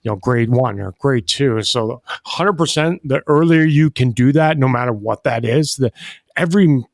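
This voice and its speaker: A man co-hosting a podcast, with a mid-pitched voice that is close and dry. He talks emphatically, building his points through analogies and tag questions. The delivery is casual and conversational. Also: normal speed, gravelly, no room sound. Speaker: podcast co-host. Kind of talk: casual chat.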